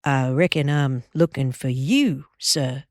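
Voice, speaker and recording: A woman voicing a grave, soft-spoken Southern cowboy in an audiobook, polite and slow in a Southern drawl. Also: a bass voice, no room sound, clean studio sound, pitched below the performer's own voice. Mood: grave, civil. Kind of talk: audiobook character voice.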